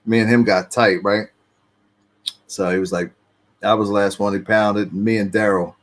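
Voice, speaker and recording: A man's voice: lowish voice, fairly even intonation, normal speed, a little hiss or hum. A man telling his own story in casual street slang, swearing freely and acting out what people said. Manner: street slang, profane, acts out quotes.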